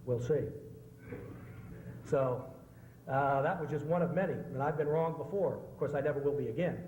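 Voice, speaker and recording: Speaking at a moderate pace with a medium-pitched, darkish voice, this middle-aged American political journalist delivers a public lecture in a hall. He chats through stories with joke punchlines and fields questions, recorded with echo and faint hiss.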